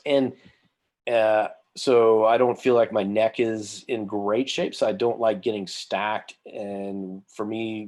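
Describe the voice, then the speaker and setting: A man's voice: fairly low pitch, a little mellow. A man talking as a guest on a podcast over a video call, rambling with fillers and poking fun at himself. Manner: rambling, self-deprecating, many fillers. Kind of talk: casual interview chat.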